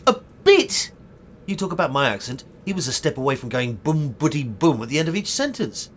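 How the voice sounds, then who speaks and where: A man's voice: medium pitch, lively intonation, fast, slight background noise, lightly acted. An actor playing a pompous, foul-mouthed, combative man who thinks himself a great talent, speaking in theatrical outbursts. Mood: grandiose ranting. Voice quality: theatrical, grandiose, sweary outbursts. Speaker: would-be actor in a sitcom. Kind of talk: sitcom acting.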